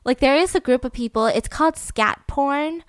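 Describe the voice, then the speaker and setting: Woman podcast host, chatty true-crime storyteller, a little high-pitched, dry close recording. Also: moderate pace, dry recording. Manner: chatty storyteller, giggly, acts out quotes. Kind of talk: casual true-crime chat.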